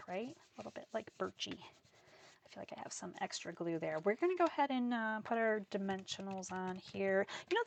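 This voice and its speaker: A woman teaching a live card-making class, chatty and enthusiastic as she talks through each step. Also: mid-range voice. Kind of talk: live craft class demonstration.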